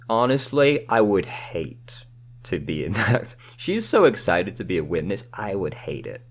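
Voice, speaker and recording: A man chatting casually over his gameplay in a low voice that moves a lot in pitch, swearing freely as he talks. Video game music plays behind him. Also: big pitch swings, unhurried. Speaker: let's play host.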